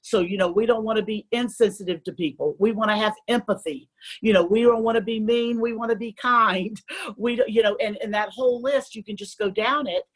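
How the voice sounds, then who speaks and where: A woman's voice: fairly high pitch, a little fast, slightly rough, rough recording. A woman speaking as a guest on a faith-based parenting show, earnest and quoting scripture.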